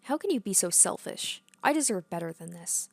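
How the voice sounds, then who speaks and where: A woman's voice: fairly low pitch, big pitch swings, fairly quick, vocal fry, dry recording, full character voice. A woman reading aloud the lines of a possessive, imperious young princess girl from a game. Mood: indignant. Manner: bossy, indignant reading.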